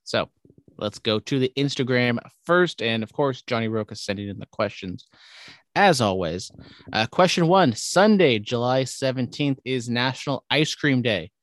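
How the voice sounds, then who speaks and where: A man's voice: medium pitch, animated, normal speed, a bit bright, dry recording. A young man co-hosting a casual podcast, rambling through sports opinions and teasing his co-host. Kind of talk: casual chat.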